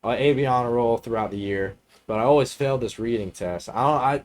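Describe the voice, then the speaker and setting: A young man on a podcast tells loose, rambling stories in casual chat. His talk is full of swearing and breaks into laughter often. His voice sits at an ordinary middle pitch. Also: fast talker. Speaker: podcast co-host.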